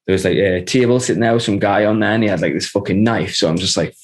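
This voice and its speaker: A man's voice: lowish voice, quick pace. A man telling a long, rambling story in casual chat, swearing constantly and laughing as he goes. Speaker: podcast guest.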